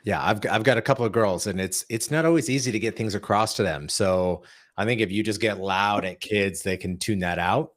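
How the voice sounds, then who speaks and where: A man hosting a casual podcast interview who chats with enthusiasm and drops quick asides. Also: lowish voice. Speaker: podcast host.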